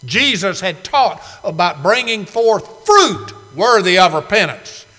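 Preacher in a reverberant church. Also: male voice, sits high, very animated. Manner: dramatic swings from loud to hushed, slow emphatic phrasing. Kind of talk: sermon. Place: church sanctuary. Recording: long hall reverb.

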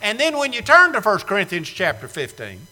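Male preacher, high-pitched and very bright, emphatic, dramatic loud-to-hushed delivery. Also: huge pitch swings, brisk, in a large hall, poor audio. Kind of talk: sermon. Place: church sanctuary.

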